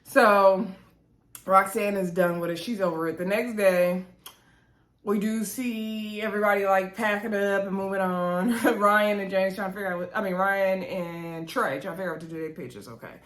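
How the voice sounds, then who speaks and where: A woman chatting casually to her viewers as she recaps a reality show, talking straight at them in a lively, animated way. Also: mid-range voice, moderate pace. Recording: roomy echo.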